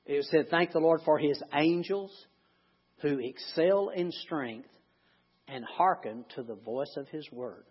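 Male pastor, husky voice, conversational sermon, loud then hushed, dull lo-fi sound. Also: on the high side, unhurried. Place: church sanctuary.

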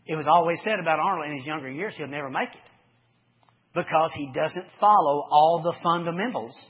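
A man preaching a folksy sermon, swinging from loud to hushed as he tells sports stories. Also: on the high side, a little fast, breathy edge. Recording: dull lo-fi recording.

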